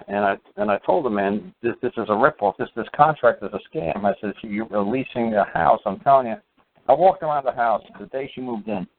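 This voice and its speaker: A man's voice: medium pitch, vocal fry, slight background noise. A man telling a long story in a casual, rambling way, full of fillers and restarts. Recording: tinny phone line.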